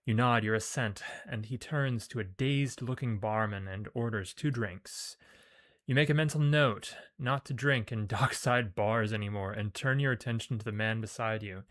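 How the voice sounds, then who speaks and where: Playing through a video game, a man with a lower, fairly bright voice reads the story text at a moderate pace. He keeps it casual, tossing in asides and giving the lines loose emphasis.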